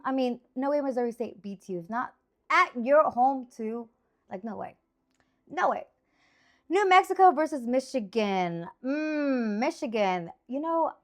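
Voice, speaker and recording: A woman in her thirties with a slightly high voice talks through her picks in a loose, chatty style. She rambles and jumps into excited exclamations, sounding animated and informal. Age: 30s. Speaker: sports picks host. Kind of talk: casual chatty sports picks.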